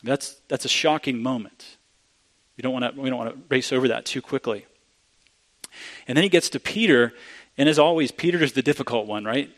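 A man delivers a sermon as if talking with friends, restarting his phrases now and then. His voice sits at an ordinary middle pitch. When he quotes a passage he leans in and becomes more emphatic. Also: fairly quick, pauses often, fairly bright tone. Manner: conversational, restarts often, grows emphatic when quoting. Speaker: preacher.

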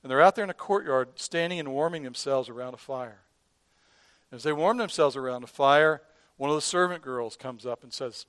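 A man preaching a sermon in an earnest way, who often repeats and restarts words and drops from loud emphasis to a hush. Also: medium pitch, moderate pace, no room sound. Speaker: pastor.

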